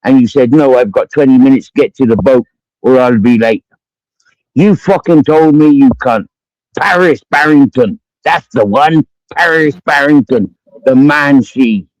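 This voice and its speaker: An expressive, slightly mellow mid-range male voice with a Cumbrian accent, moving at a moderate pace, delivers a furious, swear-filled rant at someone on a livestream. He repeats his accusations and keeps drinking while talking, captured in dull lo-fi stream audio without echo.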